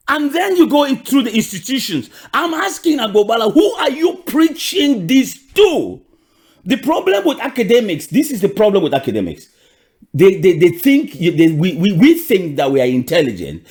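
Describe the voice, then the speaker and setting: A man with a Cameroonian accent delivers a fiery political monologue. His fairly high voice leaps up and drops low from phrase to phrase, and he hammers his questions home through repeats and restarts. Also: darkish tone. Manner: repeats questions with emphatic restarts and sudden pitch jumps. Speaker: political commentator.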